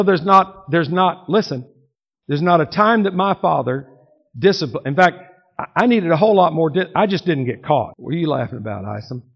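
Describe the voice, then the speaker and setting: Older male pastor, folksy sermon storyteller, slightly high voice, muffled church tape. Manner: folksy storytelling, teasing the congregation. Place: church sanctuary.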